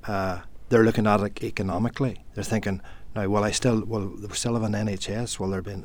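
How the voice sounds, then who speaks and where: A man's voice: on the low side, fairly even intonation, a little fast. A man from Northern Ireland speaking thoughtfully in a casual discussion, with hesitations. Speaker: panel guest.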